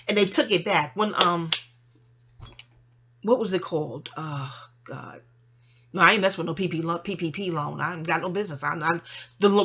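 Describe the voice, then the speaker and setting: A woman's voice: fairly low pitch, moderate pace, slightly rough. A woman venting to a friend in a rambling, exasperated personal monologue, full of slang and side remarks. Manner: animated, exasperated storytelling with slang and asides.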